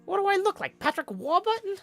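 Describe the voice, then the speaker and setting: A woman's voice: very high voice, sing-song, fairly quick, fairly bright tone, faint music behind. A woman hosting a casual livestream chat, joking and reading out viewer tips. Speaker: stream host.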